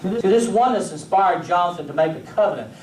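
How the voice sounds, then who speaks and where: A man with a high voice talks fast as he preaches in a church sanctuary, animatedly telling stories, acting out scenes and addressing his congregation directly. The recording sounds echoey and distant, with a little hiss or hum.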